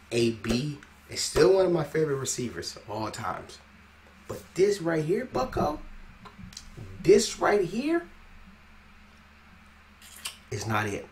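Animated man reacting out loud. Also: mid-range voice, slight background noise. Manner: animated, exclaiming and laughing. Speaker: reaction video host. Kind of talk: casual reaction commentary.

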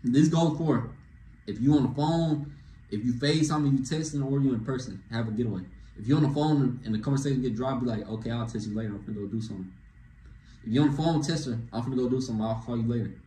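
A young man ranting to camera with dating advice, animated and slangy, tossing in "bro" after nearly every phrase. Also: mid-range voice, quick pace, slight background noise. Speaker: vlogger giving dating advice. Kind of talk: casual rant to camera. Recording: echoey room with faint ambience.

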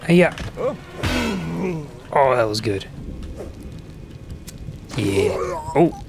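A man's voice: mid-range voice, slow, long pauses. A man giving goofy let's play commentary, giggling and yelping at the game. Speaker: gaming commentator. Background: game music.

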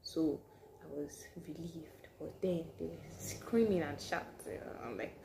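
A woman telling a personal story to camera in a casual vlog, animated and sometimes dropping to hushed asides. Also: sits low, unhurried, vocal fry, noisy background. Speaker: vlogger.

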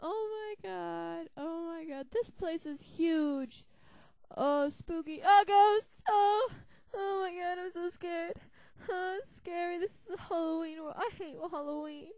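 A woman's voice: very high voice, steady tone, fairly quick, few pauses, darkish tone, dry recording, voice pushed up. Sora, a woman doing a jumpy teen boy. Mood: scared, giddy. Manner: squealing, melodramatic, easily spooked. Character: excitable jumpy teenage boy hero. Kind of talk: fan comedy dub of a game.

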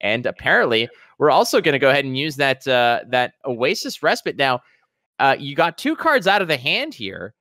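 A man from Quebec in his thirties calls card game action with playful excitement. His pitch swings widely, and the sound is dry and close. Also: normal speed, no room sound. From Quebec, Canada. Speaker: commentator.

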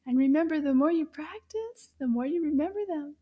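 A woman teaching a children's language lesson in a gentle, encouraging way, drawing out sounds. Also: high voice, measured pace.

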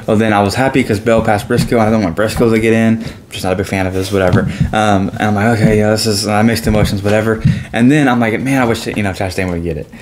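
A man co-hosting a casual racing chat, speaking in a rapid, matter-of-fact way. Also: on the low side, steady tone, a little mellow, slight background noise. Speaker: podcast co-host.

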